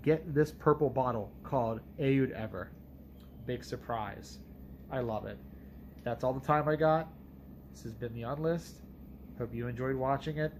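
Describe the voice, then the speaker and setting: A man's voice: mid-range voice, a little slow, pauses often, darkish tone, a little hiss or hum, rough recording. A man reviewing perfumes in a casual monologue, talking bluntly and emphatically with some profanity.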